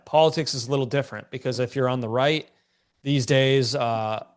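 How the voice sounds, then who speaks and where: A man's voice: mid-range voice, moderate pace, clear, resonant tone. A man teaching a live-streamed business class, a bit congested, talking in a casual, joking, slangy way to viewers in a chat. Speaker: online business coach.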